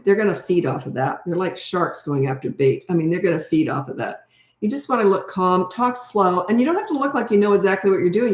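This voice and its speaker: An older woman answers viewers' questions as a parenting coach, speaking casually and bluntly with lots of "um" and "you know". Her voice sits a little low for a woman. The room around her sounds echoey. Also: a little mellow. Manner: casual, chatty, direct, many fillers. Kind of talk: live Q&A, reading and answering comments.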